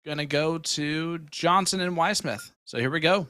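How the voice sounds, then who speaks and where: Excitable play-by-play darts commentator man. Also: a little high, moderate pace, no room sound, studio quality. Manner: excitable play-by-play calls, playful. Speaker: dart commentator. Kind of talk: live sports commentary, casual banter.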